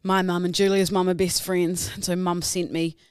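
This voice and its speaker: A young woman co-hosting a podcast, chatty and teasing, quick to laugh. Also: on the low side, level tone, a little mellow, clear, resonant tone, no echo, clean studio sound. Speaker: podcast co-host. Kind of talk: casual chat.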